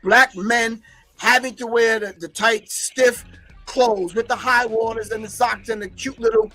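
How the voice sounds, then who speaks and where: High-voiced emphatic male commentator. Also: steady tone, a little slow, bright, forceful tone, faint music behind. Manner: emphatic, preaching, repeating key phrases. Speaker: host commenting on archival clips. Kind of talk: commentary on a recorded lecture.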